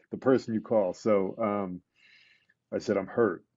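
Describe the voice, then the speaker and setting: A middle-aged man speaks low and mellow, working through a painful memory in a casual interview. He stumbles, restarts and leans on fillers as he goes. The podcast audio is dull and close, with no room sound. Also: fairly even intonation, no room sound. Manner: emotional, halting retelling with many restarts and fillers. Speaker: podcast guest, retired police detective.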